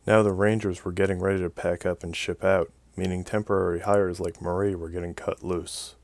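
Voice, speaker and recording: A man narrating a science fiction story in an even, measured way. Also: low-pitched, no echo. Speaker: audiobook narrator. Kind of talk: scripted narration.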